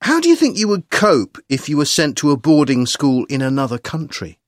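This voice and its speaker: An interviewer asking an actress questions in a lively, clear way. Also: medium pitch, fairly quick, no echo, clean studio sound.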